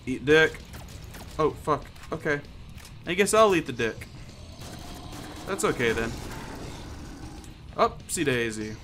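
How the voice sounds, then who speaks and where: A man's voice: a little high, sing-song, slow pace, long pauses, fairly bright tone, slight background noise. A man giving casual gameplay commentary, joking, swearing and muttering to himself as he plays. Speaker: gamer.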